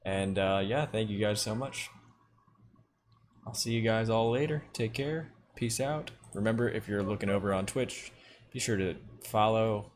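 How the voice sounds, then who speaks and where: A man's voice: on the low side, moderate pace, a little hiss or hum. A young man with a Long Island accent, chatting casually on his livestream and laughing easily. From Long Island, New York. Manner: laughs often, relaxed and jokey. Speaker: livestream host.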